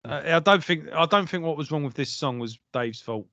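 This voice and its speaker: A man's voice: a little high, expressive, fairly quick, bright, forceful tone, dry recording, lo-fi sound. A man co-hosting a casual podcast chat, telling stories animatedly and swearing freely. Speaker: podcast co-host.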